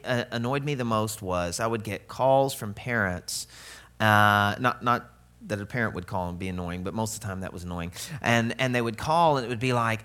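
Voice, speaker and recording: A man's voice: mid-range voice, sharp tone. A middle-aged man preaching a sermon as pastor, conversational and humorous, with playful asides.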